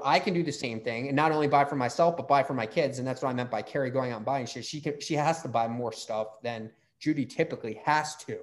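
A middle-aged man hosting a casual interview, telling rambling stories and swearing freely. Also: mid-range voice. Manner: rambling, profane, lively storyteller. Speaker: podcast host.

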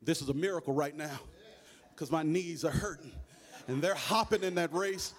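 A man with a Southern American accent preaching a sermon in a church, in a chanting, sing-song cadence that rises to shouts. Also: fairly high pitch, normal speed. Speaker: bishop preaching.

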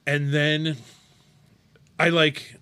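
A man co-hosting a casual chat, telling stories in an animated, excitable way. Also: a little high, extremely slow, clear, resonant tone. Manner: animated storyteller. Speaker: podcast co-host.

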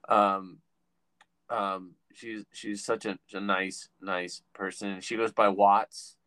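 A man's voice: fairly low pitch, level tone, slow, pushed and bright, clean tone, dry recording, rough recording. A man hosting a podcast, chatting casually and telling rambling stories that stop and restart. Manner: rambling, self-interrupting storyteller. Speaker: podcast host. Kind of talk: casual interview chat.

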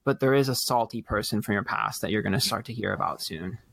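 A man's voice: fairly low pitch, fast talker, vocal fry, breathy edge. Casual young man reading tarot. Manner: relaxed, rambling, loose with swearing. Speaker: tarot reader.

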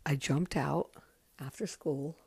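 Brief: woman, 50s, deep voice, casual podcast memoir, frank and foul-mouthed, dry close recording. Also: steady tone, slow pace, vocal fry, a little mellow, slightly rough, no room sound. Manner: candid, profane and chatty. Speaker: podcast host.

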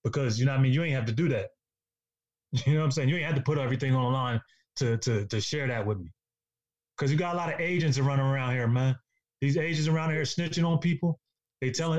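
In a casual podcast discussion, a man with a mid-range voice speaks fast, emphatic and preachy, repeating himself for stress. The recording has a dull, lo-fi sound.

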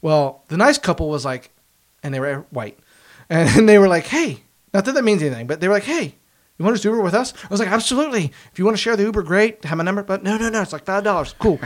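Animated young man telling a story. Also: high-pitched, quick pace. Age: 20s. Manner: animated, acts out quotes, swears casually. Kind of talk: casual storytelling.

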